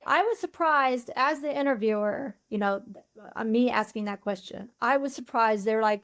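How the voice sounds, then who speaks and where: A woman's voice: a little high, moderate pace, fairly bright tone. A woman UX researcher talking as a podcast guest, candid and blunt in casual interview chat.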